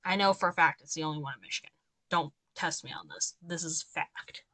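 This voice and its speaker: A woman's voice: deep voice, fairly quick, sharp tone, no room sound. A young woman giving casual let's-play commentary, chatty and given to exasperated ranting asides. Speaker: gameplay commentator.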